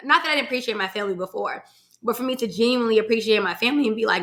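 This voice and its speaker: A young woman from Virginia talks straight to her listeners in a bright, sharp-edged voice, mid-pitched for a woman. She tells a personal story in a loose, chatty way, full of y'all and casual swearing, and now and then she fights back tears. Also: fast talker. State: emotional, holding back tears at times. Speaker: podcast host. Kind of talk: casual solo podcast storytelling.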